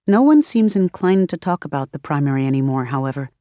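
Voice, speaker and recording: Low, dry-voiced woman for steady audiobook narration. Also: dry recording. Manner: steady, measured storytelling. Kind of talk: scripted narration.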